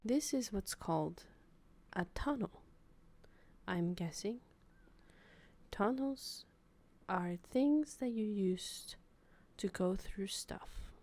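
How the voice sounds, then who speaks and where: A solemn nature documentary narrator murmurs in a low, mostly unvoiced whisper, going slowly and gravely, as a woman puts it on. The tone is mock-serious and quiet, a whispered role-play. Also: lively intonation. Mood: hushed solemn.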